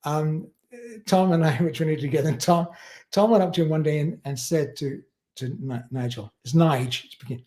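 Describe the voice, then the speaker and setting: A man hosting a relaxed livestream, with a mellow, somewhat high-pitched voice. He rambles from one anecdote to the next and often chuckles along the way. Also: moderate pace. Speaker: livestream host. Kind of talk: casual chat.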